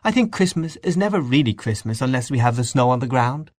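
A man reading aloud, voicing a chatty young woman guest who talks quickly and eagerly. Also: medium pitch, expressive, no room sound, clean studio sound, pitched above the performer's own voice, close to an everyday voice.

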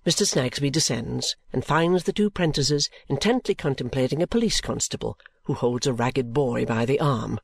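A man narrating an audiobook in a steady, clear storytelling manner. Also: medium pitch, moderate pace, hardly any pauses, dry recording. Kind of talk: scripted narration.

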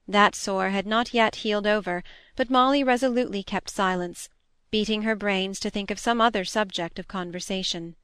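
A woman's voice: mid-range voice, steady tone, moderate pace, a bit bright, smooth, no room sound. Woman narrating an audiobook, dry and close. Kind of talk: scripted narration.

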